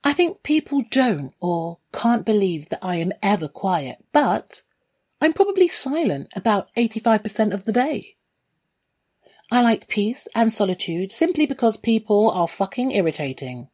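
A woman's voice: medium pitch, big pitch swings, moderate pace, darkish tone, husky. A woman reading a first-person story in a candid, dryly wry way. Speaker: narrator.

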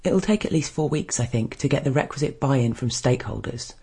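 A man voicing a calm, controlled male boss who talks with gentle authority. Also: mid-range voice, fairly quick, breathy edge. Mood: calm businesslike.

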